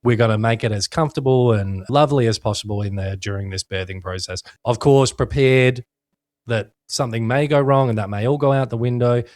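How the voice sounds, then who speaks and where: A young man talking in a relaxed podcast chat, laughing often and cursing freely as he tells jokey stories. His voice sits at a middle pitch and the sound is close and dry, with no room around it. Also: a little fast, no echo. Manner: laughs a lot, swears freely, jokey storytelling. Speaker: podcast co-host. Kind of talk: casual chat.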